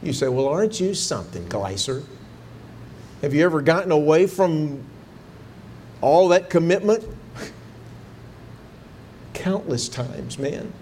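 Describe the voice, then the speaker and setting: A man preaching a sermon in a fairly high voice, telling his story earnestly and pushing up into fervent pleading as he recalls his prayers. A faint low rumble sits under the recording. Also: animated, normal speed, long pauses, darkish tone. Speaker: pastor.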